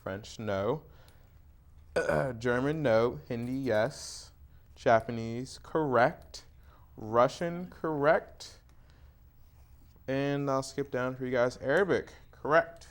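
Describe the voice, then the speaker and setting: A young man hosting a casual student quiz show, relaxed and quick to laugh. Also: medium pitch. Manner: relaxed, laughs often, hums a tune.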